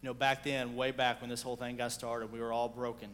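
A man preaching a sermon, telling a story with animated swings between loud and hushed delivery. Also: mid-range voice, fast, big-room sound. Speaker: pastor.

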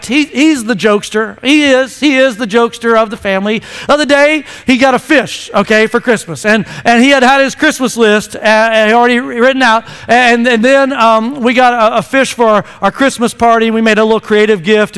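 A man in his thirties preaching from the stage of a church sanctuary. His voice sits very high and comes across smooth and resonant, and each line trails into a long hall reverb. He talks in a loose, playful way and stumbles over repeated words as he gets going. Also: fairly bright tone. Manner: chatty, playful, repeats words when starting sentences. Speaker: pastor. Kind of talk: sermon.

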